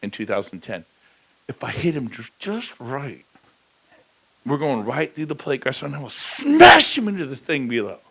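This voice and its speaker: A middle-aged man giving a motivational talk on a conference stage, blunt and joking, with sudden loud bursts. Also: mid-range voice, big pitch swings, moderate pace, gravelly, breathy edge, rough recording. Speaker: keynote speaker.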